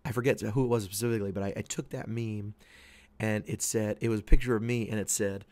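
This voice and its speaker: A man in his thirties hosting a podcast, telling a rambling story and quoting his wife in a higher, louder voice. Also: steady tone, fairly quick, no room sound. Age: 30s. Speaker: podcast host. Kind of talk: casual monologue.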